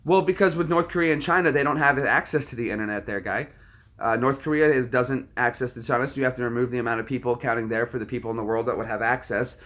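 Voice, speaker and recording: A man hosting a casual live stream, his voice sitting at an ordinary middle pitch. He talks in a calm, lecturing way and brushes off trolls with easy dismissal. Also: fast. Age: adult, military background. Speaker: livestream host.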